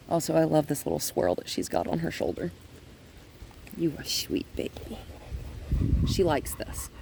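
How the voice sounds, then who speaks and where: A man working as a dog trainer outdoors on a driveway, explaining his steps while softly praising the dog. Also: medium pitch, creaky, a little hiss or hum. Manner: gentle, coaxing praise to a dog between explanations. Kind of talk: casual training vlog.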